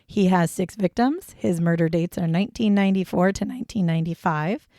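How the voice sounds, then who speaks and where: A woman's voice: on the low side, a little fast, warm tone, no echo, studio quality. A young woman co-hosting a true crime podcast, talking casually and bluntly, swearing freely. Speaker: podcast co-host.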